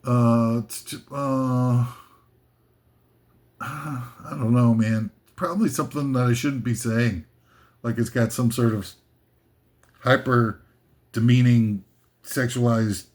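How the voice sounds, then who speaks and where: A man's voice: mid-range voice, fairly even intonation, takes it slowly, pauses often, a little mellow. A man hosting a comic list video, rambling and self-mocking as he drifts off topic.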